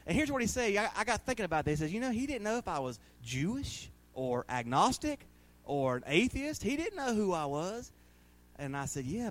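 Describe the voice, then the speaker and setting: A man, preaching a sermon as pastor, telling folksy stories and laughing often. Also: sits high. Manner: folksy storytelling, laughing often, rising to loud bursts.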